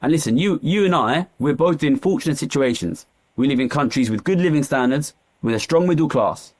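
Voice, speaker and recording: His voice is fairly high, expressive, and fairly quick, carrying an East London accent. Appearing as an economist in a frank interview, he talks with passion, repeating phrases for emphasis.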